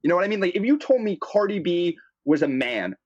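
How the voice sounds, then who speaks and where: A man's voice: high voice, very animated, brisk, darkish tone, dry recording. A man co-hosting a podcast in casual chat, teasing and joking in banter, recorded over a remote call. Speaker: podcast co-host. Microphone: remote call mic. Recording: lo-fi online call audio.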